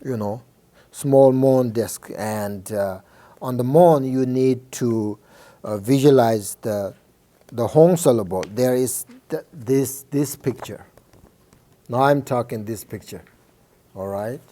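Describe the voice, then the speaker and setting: Slow, soft-toned Buddhist teacher, a man. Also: medium pitch. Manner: halting, many fillers and restarts; checks in with listeners often. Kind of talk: informal dharma teaching.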